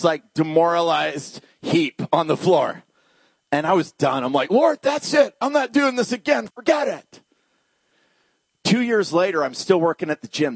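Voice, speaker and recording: A man's voice: a little high, no room sound. A man preaching a humorous, story-filled sermon, joking with and questioning the congregation. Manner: humorous, animated, talks to the congregation.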